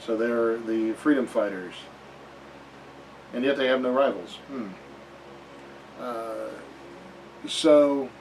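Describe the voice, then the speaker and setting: A man's voice: mid-range voice, takes it slowly, long pauses, a little mellow, far from the mic, slight background noise, rough recording. A man reviewing a tabletop game book in a casual, rambling way, with many fillers and wry asides.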